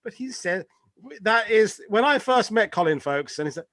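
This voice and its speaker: Man, host type, high voice, rambling jokey chat, dead-dry webcam audio. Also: lively intonation, unhurried, sharp tone, no echo. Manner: rambling, jokey, swears casually. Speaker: host of a live history chat show. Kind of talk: casual panel chat on a live stream.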